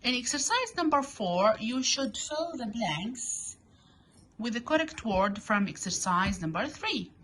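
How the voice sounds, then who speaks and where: A woman whose first language is Arabic, teaching English to young children, speaking deliberately and repeating words for beginners. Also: fairly high pitch, very animated, fairly bright tone, slight background noise.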